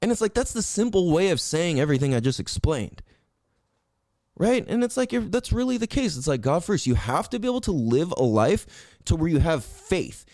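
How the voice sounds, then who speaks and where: A young man riffs alone on his podcast, swearing freely and preaching like a friend. His voice sits high and leaps all over the place, jumping up for emphasis and dropping low to stretch out words. The sound is close and dry. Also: no room sound. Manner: profane, animated and preachy, swings between loud highs and low drawn-out words. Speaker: podcast host. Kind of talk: casual monologue.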